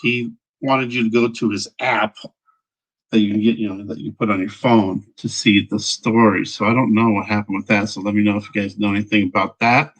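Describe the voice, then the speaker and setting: A man hosting a casual livestream, rambling as he checks his audio, greets viewers by name and often clears his throat. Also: lowish voice, flat delivery, brisk, a bit bright, poor audio. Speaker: livestream host.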